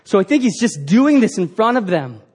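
High-voiced earnest male preacher. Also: big pitch swings, normal speed, darkish tone, breathy edge. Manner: earnest, emphatic preaching with rhetorical questions. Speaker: pastor. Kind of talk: sermon.

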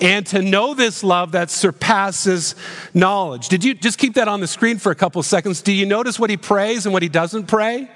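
A man preaches in a high-pitched voice, earnest and questioning. He slows right down to stress key phrases. His voice rings with the long reverb of a church hall. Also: fairly bright tone. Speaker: pastor. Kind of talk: sermon.

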